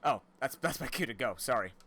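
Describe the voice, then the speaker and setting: A man streaming a video game, talking in a rambling, animated, self-mocking way. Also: mid-range voice, fairly quick. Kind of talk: casual let's-play commentary.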